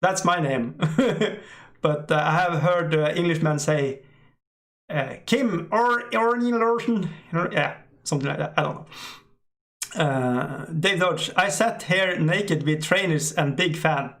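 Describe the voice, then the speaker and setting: A middle-aged man, an English speaker, hosting a casual live stream and reading out chat, halting with many fillers and frequent laughs. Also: fairly high pitch, fairly bright tone.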